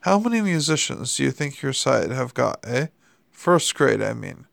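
A man's voice: mid-range voice, sing-song, moderate pace, vocal fry, a bit bright, no echo, clean studio sound, full character voice. A man voicing a sardonic male demon who talks in a wry, pushy way in an audiobook reading. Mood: urgent.

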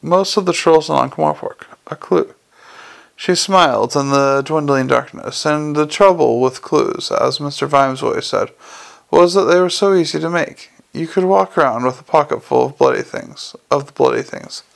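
A man narrating a fantasy audiobook, his voice sitting slightly high with a gravelly rasp. He reads at a steady, even storytelling pace. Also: moderate pace. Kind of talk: scripted narration.

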